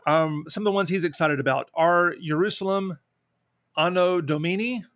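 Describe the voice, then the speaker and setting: A man's voice: a little high, fairly quick, no room sound. A man co-hosting a board game podcast, chatting casually and jokingly reading out listener responses. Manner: relaxed, joking, reads listener responses aloud. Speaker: podcast co-host. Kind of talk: casual chat.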